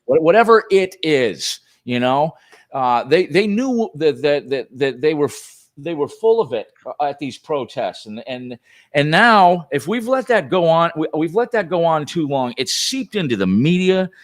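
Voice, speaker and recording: A man's voice: on the high side, unhurried. Man talking heatedly as a podcast guest. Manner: animated, heated, many restarts. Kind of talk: casual political chat.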